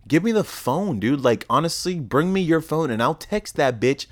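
A man's voice: fairly high pitch, animated, moderate pace, pitched above the performer's own voice. A man mimicking his cocky wingman buddy. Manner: pushy, boastful. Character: cocky young male friend playing wingman.

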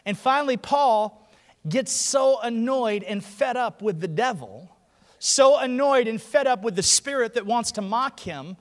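A man's voice: very high voice, expressive, unhurried. A man preaching a sermon, telling stories with animation and acting out the other people's voices in a large church hall. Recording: long hall reverb.

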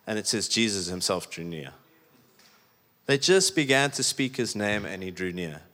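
A man's voice: fairly low pitch, big pitch swings, normal speed, fairly bright tone. A man preaching a sermon in a chatty, emphatic way, with many "like"s. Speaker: pastor. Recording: echoey hall with long reverb.

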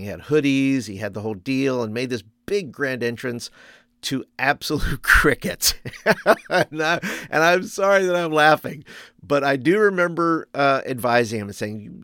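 A man's voice: medium pitch, dry recording, clean studio sound. A man hosting a youth ministry podcast, talking in a conversational way with frequent fillers and restarts. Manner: conversational, many fillers and restarts, laughs at own stories. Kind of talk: podcast monologue.

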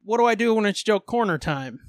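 A man's voice: sits high, lively intonation, fairly quick, dry recording, clean studio sound. A man hosting a podcast in casual chat, joking crudely and laughing often. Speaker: podcast host.

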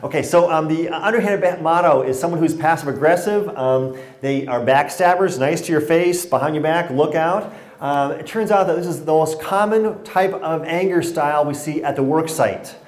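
In a roomy-sounding hall, a man with a fairly high voice talks at a moderate pace through a workshop on stress. His style is loose and funny, and he dramatizes the conversations he quotes as part of an anecdote-filled lecture.

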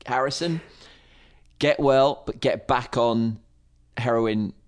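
A man's voice: medium pitch, slow pace, smooth. A British man co-hosting a comedy podcast, making dry, mock-serious jokes in casual banter. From Britain. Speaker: guest co-host.

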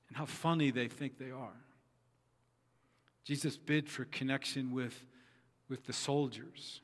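A man's voice: medium pitch, in a large hall. A man preaching a sermon who acts out quoted speech and repeats his phrases for emphasis. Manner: voices quoted figures dramatically, repeats phrases.

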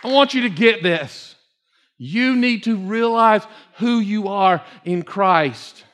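A male pastor preaching a fervent sermon to his congregation in church, repeating phrases and building to near-shouts. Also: high voice, expressive, slow pace.

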